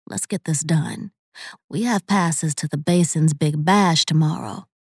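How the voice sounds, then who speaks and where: A woman's voice: deep voice, a little slow, a little mellow, husky, no echo, clean studio sound, heavily acted. A woman voicing a brash, loyal young woman who jokes and pushes her friend along. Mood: wisecracking. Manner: joking, pushy, reassuring.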